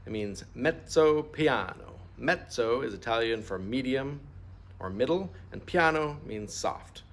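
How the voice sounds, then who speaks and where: A man's voice: mid-range voice, expressive, measured pace, fairly bright tone. A middle-aged man teaching a music lesson, patient and explaining step by step, asking students to repeat terms aloud. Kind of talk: instrument lesson walkthrough.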